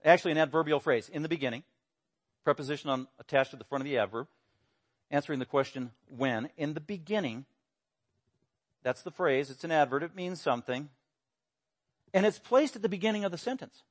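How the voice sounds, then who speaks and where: Man, pastor, emphatic sermon, fairly high voice. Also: expressive, brisk, pauses often. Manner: emphatic, rising to loud exclamations then dropping low.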